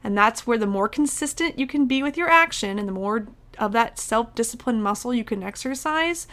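A young woman with a fairly high voice gives blunt, emphatic coaching advice about eating and habits. She talks in a casual, motivational way and swears now and then. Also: lively intonation, moderate pace, fairly bright tone. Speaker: nutrition coach. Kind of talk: motivational talk to camera or podcast.

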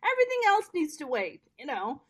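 High-voiced animated woman from Pakistan. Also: fairly quick. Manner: animated, joking storyteller. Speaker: guest. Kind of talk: casual interview chat.

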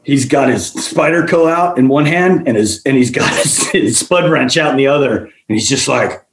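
A man, a guest, telling work stories in a casual, animated way, acting out the voices of the people in them. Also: mid-range voice, moderate pace, echoey room, slight background noise, poor audio. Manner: animated, acts out quoted voices. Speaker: guest, general manager. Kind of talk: casual storytelling.

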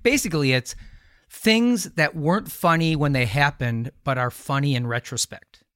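A man co-hosting a podcast, telling a story in a quick, chatty way and laughing easily. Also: fairly high pitch, a bit bright, clean tone, no echo, clean studio sound. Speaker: podcast co-host. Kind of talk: casual podcast chat.

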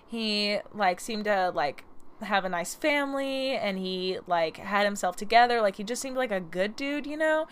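A woman's voice: mid-range voice, animated, normal speed, clean tone. A young woman hosting a podcast with a slight lisp from a retainer, telling stories in a chatty, rambling way and laughing often. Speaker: podcast host. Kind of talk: casual storytelling.

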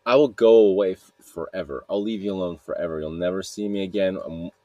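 A man voicing a lonely, pushy male monster who pleads in a halting, wheedling way. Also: deep voice, warm tone, dry recording, lo-fi sound, lightly acted. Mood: pleading. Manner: wheedling, halting, casual retelling.

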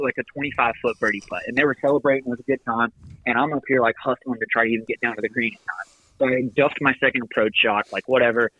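A man casually telling a long, animated golf story on a podcast, often laughing and acting out what people said. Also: mid-range voice, poor audio. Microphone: phoned in.

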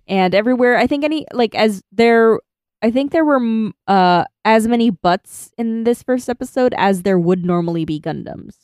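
A woman's voice: fairly high pitch, expressive, unhurried, a little mellow, clean tone, no room sound, clean studio sound. A woman co-hosting a podcast, chatting casually and laughing as she reads out her notes. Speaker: podcast co-host. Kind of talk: casual chat recapping an anime.

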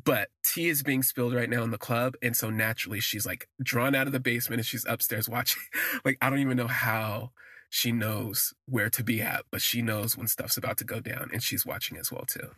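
A man telling a personal story for his podcast, in an unhurried, conversational way that lingers on words, with fillers. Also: medium pitch, steady tone, bright, forceful tone, no echo.

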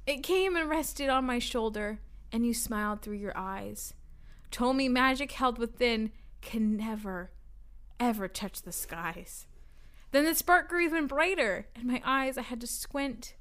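Smooth bright young woman reading verse. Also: a little high, animated, unhurried. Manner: teasing, laughs along. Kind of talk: comedic reading of cheesy poetry.

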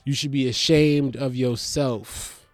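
A man ranting in a profane stand-up comedy style, animated, swinging between mocking voices and loud outbursts. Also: mid-range voice, slow pace, no room sound, soft background music.

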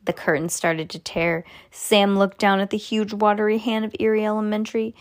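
A woman reading a children's chapter book aloud, lively and animated, her voice jumping high on the exclamations. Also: moderate pace. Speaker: storybook reader.

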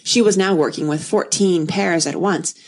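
A woman reading a classic storybook aloud in an even, unhurried narration. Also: fairly low pitch.

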